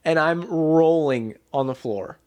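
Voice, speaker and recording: A man's voice: on the high side, takes it slowly, darkish tone, clear, resonant tone. A young man co-hosting a casual sibling podcast, telling a rambling funny story and laughing along. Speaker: podcast co-host. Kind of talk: casual chat.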